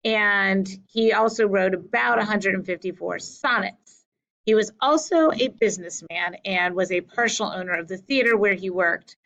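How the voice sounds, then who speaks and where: A woman teacher giving a slow, deliberate lesson over slides, correcting herself now and then. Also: medium pitch, fairly bright tone, highs cut off. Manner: slow, deliberate explaining with small self-corrections.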